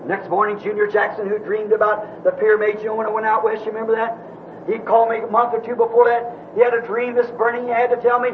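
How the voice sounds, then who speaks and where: A man with a very high voice preaches, retelling a story in a folksy, rambling way. The sound is dull and muffled like an old tape, with a faint hiss underneath. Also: level tone, fast. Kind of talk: sermon storytelling.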